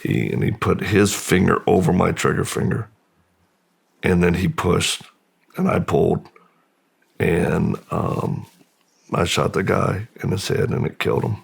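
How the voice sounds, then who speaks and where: A middle-aged American man, a podcast guest, slowly and haltingly recounting a painful memory in a subdued, gravelly voice. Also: low-pitched. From United States. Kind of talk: personal storytelling in interview.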